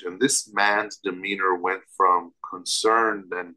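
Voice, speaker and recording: A man's voice: low-pitched, steady tone, takes it slowly, bright, forceful tone, rough recording. A man telling a personal story as an interview guest, vivid and emphatic, with restarts.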